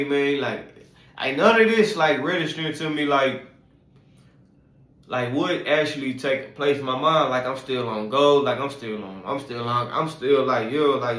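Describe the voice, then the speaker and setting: Man in his 30s; loose, rambling storyteller with constant fillers and slang; mid-pitched voice in an echoey room. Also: fairly bright tone. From Houston, Texas. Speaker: vlogger telling his life story. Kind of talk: casual storytelling.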